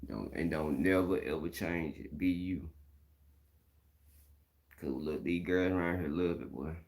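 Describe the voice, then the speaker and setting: Deep mississippi guy ranting on a live stream, blunt, slangy, says stuff twice. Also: measured pace, gravelly, darkish tone. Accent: Mississippi Southern. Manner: blunt and opinionated, slangy, repeats points. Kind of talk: casual live-stream talk.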